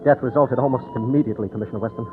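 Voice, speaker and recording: An actor playing a grief-stricken, earnest young doctor in a 1940s radio drama. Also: male voice, medium pitch, racing, narrow, tinny audio, over music, close to an everyday voice. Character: distraught young male doctor. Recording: noisy old radio broadcast.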